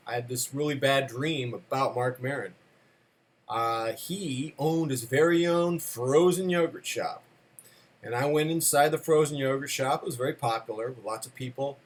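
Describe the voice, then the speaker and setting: A man with a fairly high voice delivering a comic monologue. He rambles, hesitates with frequent fillers, and mocks himself as he goes. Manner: rambling, self-deprecating, many uh fillers. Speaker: storyteller.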